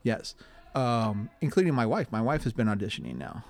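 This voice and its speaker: A man who acts in community theater, relaxed and thoughtful in an interview. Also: medium pitch, brisk. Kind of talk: casual interview.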